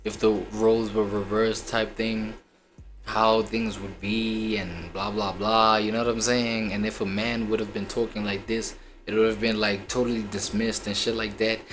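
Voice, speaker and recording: A man's voice: on the low side, little pitch movement, moderate pace, fairly bright tone, a little hiss or hum. A man co-hosting a stream, chatting casually in a slangy, rambling and incredulous way. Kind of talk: casual chat.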